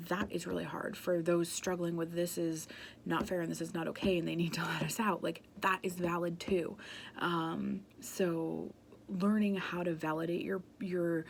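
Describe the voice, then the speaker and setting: A woman's voice: lowish voice, creaky, a little hiss or hum. A woman giving an earnest, passionate talk about emotional wellbeing, speaking conversationally with frequent "um" and "like" fillers.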